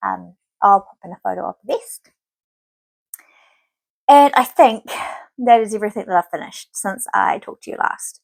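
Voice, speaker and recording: A chatty woman in her thirties rambles through her podcast, full of "um"s and small asides. Her voice sits at an ordinary middle pitch. It is recorded close and dry, with no room sound around it. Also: normal speed, creaky, long pauses, darkish tone, dry recording. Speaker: knitting podcast host. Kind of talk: casual chat to camera.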